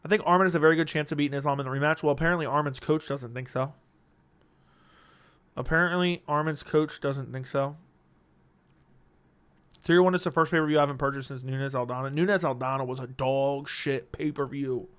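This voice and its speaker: A man's voice: mid-range voice, steady tone, fairly quick, fairly bright tone, clear, resonant tone. A man hosting a casual livestream, reading viewer messages, laid-back and swearing freely into a studio mic at home. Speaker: livestream host. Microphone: studio dynamic mic.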